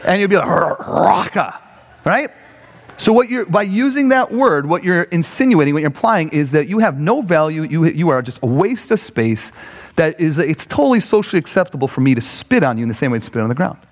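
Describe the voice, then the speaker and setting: A man preaching a conversational sermon, animated and full of fillers, often checking in with "right?". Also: on the high side, fairly quick. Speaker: pastor. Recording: long hall reverb.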